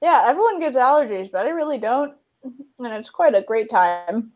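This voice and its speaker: Young woman, higher voice, bubbly storyteller, laughs often, casual livestream chat. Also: lively intonation, normal speed, darkish tone. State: chewing cookies. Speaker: livestream co-host. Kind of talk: casual chat while video editing.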